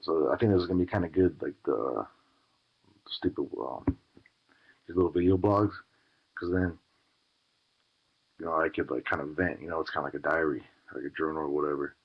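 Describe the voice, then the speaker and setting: A man's voice: rumbling low, fairly quick, vocal fry, long pauses, husky. A man talking casually to camera in a vlog, rambling with lots of fillers and swearing. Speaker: vlogger in a played clip. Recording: dull lo-fi clip.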